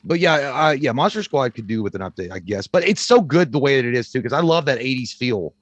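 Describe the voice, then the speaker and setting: A man's voice: mid-range voice, lively intonation, brisk, dry recording, dull audio. Teasing, profane man in casual chat. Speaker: podcast co-host. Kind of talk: casual live-stream chat.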